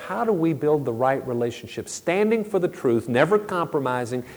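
A man's voice: a little high, animated, normal speed. A middle-aged man preaching a sermon as a pastor, earnest and conversational, with storytelling asides. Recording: long reverb of a large hall.

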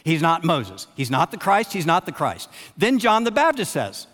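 A man's voice: high voice, big pitch swings. Preacher man in an echoing hall. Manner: dramatic, repeats phrases with long pauses, swings from loud emphasis to hushed. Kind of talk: sermon. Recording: long reverb of a large hall.

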